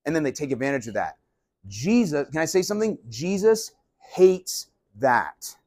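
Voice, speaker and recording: Brief: conversational male pastor, fairly high voice, animated sermon. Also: quick pace, no room sound.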